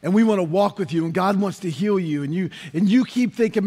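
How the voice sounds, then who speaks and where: A man preaches with a high, ringing voice, his words trailing off into the long echo of a large hall. He is fervent, rising often to shouted emphasis. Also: quick pace, hardly any pauses. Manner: impassioned, building to shouts. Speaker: pastor. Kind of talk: sermon.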